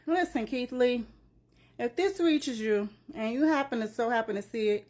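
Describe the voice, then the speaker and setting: A woman's voice: on the high side, expressive, normal speed, darkish tone. Passionate woman ranting to camera. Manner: passionate, preachy, repeats "you know what I'm saying"; uses "child" as address. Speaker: commentary vlogger. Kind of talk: emotional reaction commentary.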